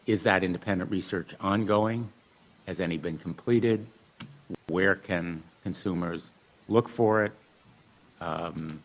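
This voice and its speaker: A man's voice: sits low, creaky. A middle-aged man, a senator, pointedly questioning witnesses at a formal hearing. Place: hearing room.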